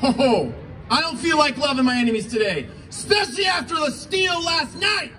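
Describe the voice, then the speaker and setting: Fervent preacher in his fifties, high male voice, heard from a distance at a rally. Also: expressive, moderate pace, some chatter behind. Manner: fervent, preachy, rising into shouts. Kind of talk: impassioned sermon and prayer. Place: political rally. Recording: distant mic, faint ambient noise.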